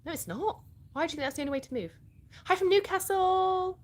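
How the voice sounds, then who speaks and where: A middle-aged British woman from the UK hosts a casual live stream in a high, sing-song voice, racing along. She reads and answers viewers' comments and laughs often.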